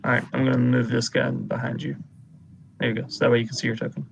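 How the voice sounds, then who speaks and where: Gravelly game master narrating combat. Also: male voice, medium pitch, flat delivery, noisy background. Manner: unhurried narration of combat turns.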